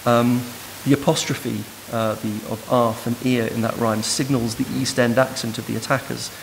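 Male lecturer, gravelly voice, long hall reverb, steady hiss. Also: mid-range voice, normal speed. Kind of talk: academic lecture. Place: lecture room.

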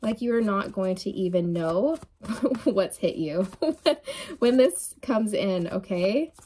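A woman's voice: medium pitch, unhurried, mellow, slight background noise. A woman giving a channeled tarot reading, emphatic and encouraging, often repeating phrases and checking in with "okay?" and "right?". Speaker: tarot reader.

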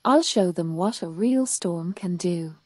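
A woman's voice: fairly low pitch, animated, measured pace, darkish tone, no echo. Woman reading as a grumpy little storm cloud. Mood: grumbling. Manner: grumbling, sulky.

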